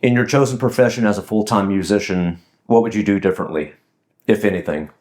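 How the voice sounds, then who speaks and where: Host: lowish male voice, casual, quick to laugh, short reactions. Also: darkish tone. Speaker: host interviewer. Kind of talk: casual interview chat.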